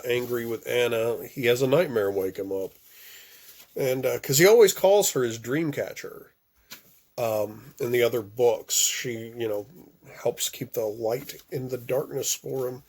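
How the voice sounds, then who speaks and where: A man with a mid-range voice, talking casually to his viewers after a reading. He rambles a little, leaning on fillers like "uh" and "you know". His delivery is relaxed and friendly. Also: medium pitch. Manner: chatty, lots of fillers. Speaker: book club channel host. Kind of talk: casual audiobook reading and commentary.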